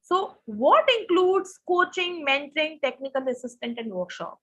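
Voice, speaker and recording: High-voiced woman teaching SAT grammar. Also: animated, normal speed, fairly bright tone. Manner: asks students questions, reads answers from chat. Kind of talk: live online grammar lesson.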